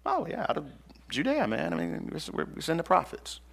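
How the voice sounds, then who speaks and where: A man's voice: on the high side, huge pitch swings, brisk, vocal fry, a bit bright, husky, heavily acted. A man voicing a casual, dismissive temple scribe who talks in an offhand, slangy way.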